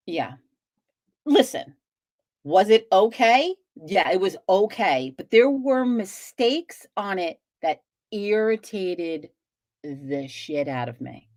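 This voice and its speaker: A woman's voice: lowish voice, no echo, studio quality. A woman hosting a live stream, chatting casually with viewers, talkative and swearing freely as she rambles.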